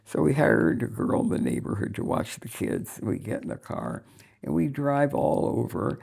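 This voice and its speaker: An older woman, a podcast guest, telling a story in a husky, gravelly voice and acting out the dialogue. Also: a bass voice, normal speed. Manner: animated, acts out quoted dialogue in the story. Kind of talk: conversational storytelling.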